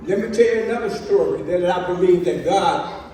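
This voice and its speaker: Lively storytelling reverend in an echoey hall. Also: male voice, high-pitched, a little fast, far from the mic, slight background noise. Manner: lively storyteller acting out dialogue. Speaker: reverend telling a personal story. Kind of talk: storytelling speech at a celebration. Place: large hall.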